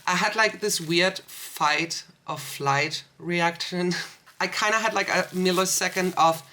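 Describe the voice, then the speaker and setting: A woman's voice: lowish voice, a little slow, bright, forceful tone. A young woman vlogger telling a story in a rambling, emotional way. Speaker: small business owner and vlogger. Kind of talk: casual storytime vlog.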